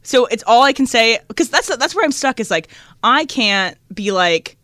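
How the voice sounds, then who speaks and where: A woman's voice: on the high side, expressive, normal speed, a bit bright, no room sound. A woman in her twenties co-hosting a radio talk show, chatting and telling stories with a giggle. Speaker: show co-host. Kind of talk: casual chat.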